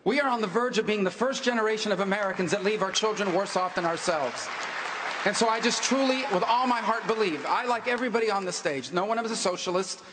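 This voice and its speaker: A man running for president, answering forcefully in a political debate with emphatic, repetitive phrasing. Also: high voice, fast talker, crowd noise, noisy background. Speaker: presidential candidate. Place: large debate hall on stage. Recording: echoey hall reverb.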